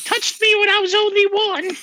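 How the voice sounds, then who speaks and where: A woman's voice: extremely high pitch, flat delivery, moderate pace, sharp tone, dry recording. A woman voicing a brash, cheeky male goblin con man who cracks crude jokes in a tabletop game.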